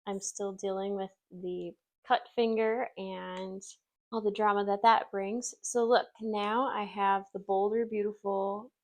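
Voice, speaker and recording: A woman from Wisconsin hosts a craft session, talking while she works in a casual, self-deprecating, chatty way and laughing easily. Her mid-range voice is steady and darkish, with a measured pace.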